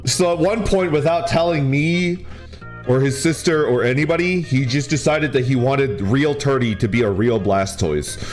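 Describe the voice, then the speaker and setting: A man's voice: mid-range voice, moderate pace, soft background music. A man streaming as a VTuber, telling a story in casual chat, laughing often and peppering his talk with "like" and "right?". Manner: animated, laughs often while talking; full of fillers like "like" and "right?".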